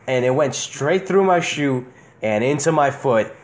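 A man's voice: mid-range voice, animated, unhurried. A young man hosting a podcast, telling childhood stories in casual chat, swearing freely and laughing often. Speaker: podcast host.

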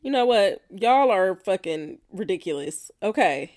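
Animated woman laughing through blunt reactions. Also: mid-range voice, a little slow. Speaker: podcast host reacting to listener answers. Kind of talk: casual reaction chat.

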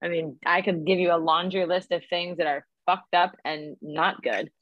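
A woman's voice: lowish voice, fairly even intonation, moderate pace, no echo, muffled recording. A woman in her thirties hosting a casual podcast chat, telling stories animatedly and laughing often. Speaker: podcast host.

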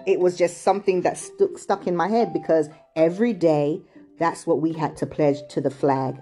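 A woman's voice: sits low, moderate pace, mellow, soft background music. A middle-aged British woman raised in England and Chicago, telling a casual, digressive childhood story full of "like" and "you know". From England, also raised in Chicago.

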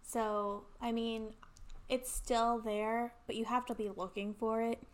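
Young female co-host, a bit high-pitched, easygoing and wry. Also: little pitch movement, takes it slowly. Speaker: podcast co-host. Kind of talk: casual chat.

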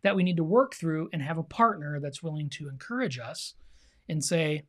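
A man's voice: a little high, expressive, normal speed. Earnest middle-aged male podcast co-host. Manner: earnest, opinionated, addresses listeners directly. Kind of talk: casual chat.

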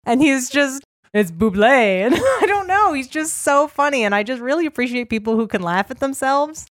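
A woman's voice: sits high, animated, a little fast, dry recording, clean studio sound. A woman chatting enthusiastically and telling stories in a casual group conversation. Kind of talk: casual chat.

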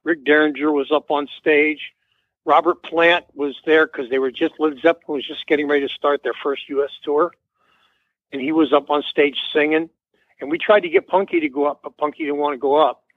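A man's voice: fairly high pitch, fairly quick, no echo. A man, a musician guest, telling a rambling story in an interview and acting out the quoted dialogue. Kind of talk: casual anecdote in an interview. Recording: tinny dry phone line.

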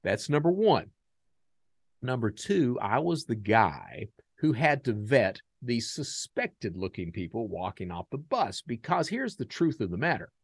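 A man from the United States hosting a podcast, telling a story in a casual, animated and profane way and acting out the dialogue. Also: mid-range voice, unhurried, breathy edge, no echo. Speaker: podcast host.

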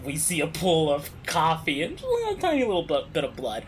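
A man narrating as game master of a tabletop game, describing scenes slowly and laughing often. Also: fairly high pitch, big pitch swings, a little hiss or hum.

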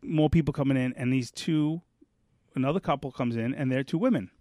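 A man's voice: medium pitch, brisk, mellow, dry recording, studio quality. A man co-hosting a podcast, telling a rambling story in casual chat and losing his thread now and then. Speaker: podcast co-host.

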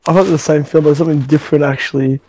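A man hosting a loose podcast chat, telling stories in a rambling way and swearing freely. His voice sits slightly high for a man. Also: fairly even intonation, racing, dark tone, poor audio. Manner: swears a lot, rambling with many fillers. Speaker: podcast host. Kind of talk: casual chat, storytelling.

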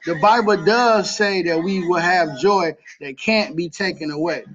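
A male podcast host with a high-pitched voice speaks unhurriedly and earnestly about faith and grief, repeating key phrases for emphasis. Music plays behind this personal, faith-based talk, and the lo-fi recording sounds slightly dull.

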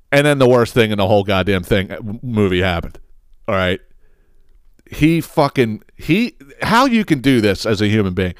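A man hosting his own podcast, telling a story in a casual, profane and animated way, acting out the quotes. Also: medium pitch, no echo, clean studio sound. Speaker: podcast host.

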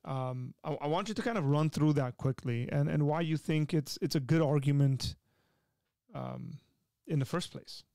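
Gravelly male podcast host, hesitant. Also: fairly high pitch, moderate pace, dark tone, no echo. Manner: hesitant, many fillers and restarts. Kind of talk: casual conversational interview.

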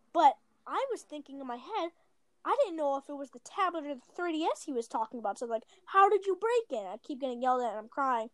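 A woman's voice: high-pitched, no room sound. A woman telling a long personal story in a casual chat, rambling with many "like" fillers and self-corrections. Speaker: storyteller guest.

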